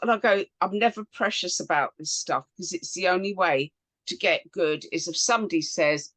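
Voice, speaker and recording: A woman from England hosting a casual interview, a chatty, animated storyteller talking over a video call. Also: on the low side, fairly quick, no echo. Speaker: host.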